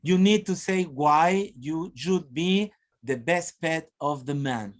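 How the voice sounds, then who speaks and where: A man's voice: fairly high pitch, slow pace. A man from Peru presenting a teacher-training webinar over a video call, encouraging and prompting participants. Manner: encouraging, frequent laughs and prompts. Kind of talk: lively workshop teaching.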